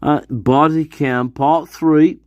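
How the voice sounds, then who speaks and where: A man's voice: on the high side, fairly even intonation, takes it slowly, a little mellow, no room sound, highs cut off. A man hosting a casual true-crime commentary, rambling and swearing with sudden outbursts. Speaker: host of a true-crime discussion channel.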